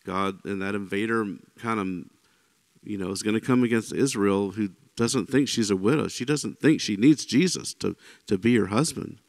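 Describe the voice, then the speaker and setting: A man leads an informal Bible teaching in a conversational, chatty way, often checking in with his listeners. His voice sits a little low and carries a gravelly rasp. The sound is dry and close, with no room around it. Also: normal speed, no room sound. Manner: conversational, often checks in with "right?" and "you know"; animated when voicing quoted speakers.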